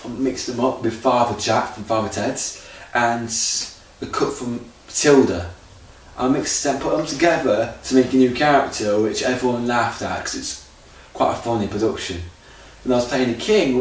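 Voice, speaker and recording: Man rambling through a loose audition tape, heard from across an echoey room with faint background hum. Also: mid-range voice. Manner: rambling, loose, restarting often. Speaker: auditioning amateur actor. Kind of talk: unscripted audition vlog. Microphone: camera. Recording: echoey room, distant camera mic, faint ambience.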